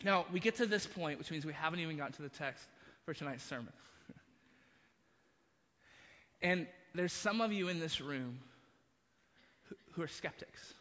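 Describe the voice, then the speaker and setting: A man's voice: on the high side, expressive, normal speed, pauses often, sharp tone, long reverb tail, highs cut off. A man preaching a sermon, retelling a story with frequent restarts and asides. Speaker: pastor.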